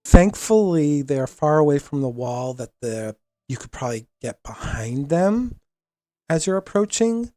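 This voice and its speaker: A man narrating a tabletop role-playing game as game master, relaxed and with many fillers. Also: fairly high pitch, measured pace, dry recording.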